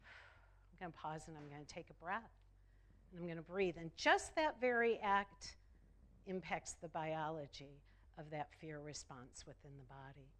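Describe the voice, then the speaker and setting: A woman minister delivering a sermon, slow and emphatic, repeating phrases for effect. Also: deep voice, animated, a bit bright.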